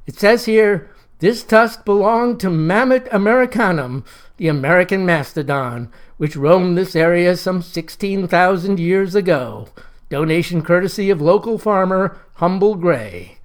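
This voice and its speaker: A man voicing a formal male college dean who reads aloud in a ceremonial manner, somewhat higher than his own voice. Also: lively intonation, measured pace.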